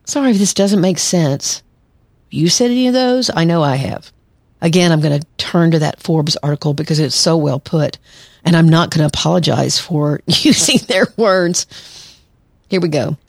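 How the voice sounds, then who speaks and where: A woman's voice: low voice, expressive, normal speed, creaky, dry recording, clean studio sound. A woman therapist hosting a solo podcast, talking conversationally and acting out quoted lines. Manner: conversational, acts out quoted lines, laughs lightly. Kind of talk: solo podcast advice talk.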